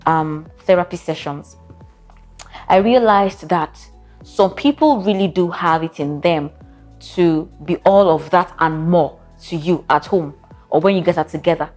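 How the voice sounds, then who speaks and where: A woman, a therapist giving casual relationship advice in a sassy, playful, direct way. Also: fairly low pitch.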